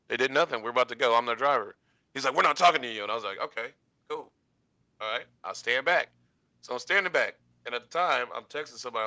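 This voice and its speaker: A man telling a long personal story in casual chat, animated and acting out the quotes with laughs. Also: mid-range voice, dry recording.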